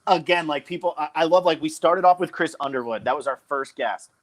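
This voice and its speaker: Young man from New Jersey, podcast co-host, chatty and rambling, voice sits a bit high. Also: brisk. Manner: rambling, enthusiastic, lots of fillers. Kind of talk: casual podcast chat.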